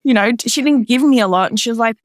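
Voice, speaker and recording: A woman's voice: fast talker, dry recording, studio quality. A woman guest in casual conversation, telling a personal story with many "like" fillers and quoting others in a lifted voice. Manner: acts out others' lines in a higher voice. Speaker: podcast guest.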